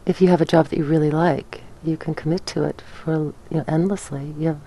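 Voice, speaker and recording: A woman's voice: deep voice, steady tone, a little fast, warm tone, a little hiss or hum. A woman in her sixties, a teacher and grandmother, speaking thoughtfully with some hesitation. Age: 60s. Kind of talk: interview.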